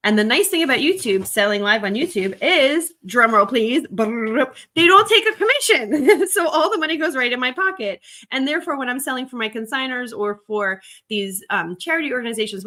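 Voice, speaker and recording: A woman's voice: medium pitch, a bit bright. A woman hosting a casual live stream while she works through resale stock, chatting and giggling with her viewers. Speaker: resale livestream host.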